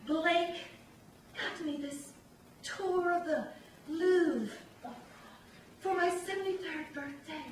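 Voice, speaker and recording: A woman storyteller quoting a gracious older actress, speaking in a proud, gently formal way. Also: extremely high pitch, takes it slowly, long pauses, noisy background, pitched above the performer's own voice. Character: gracious older famous actress, warm and poised. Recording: echoey hall from far off, loud audience.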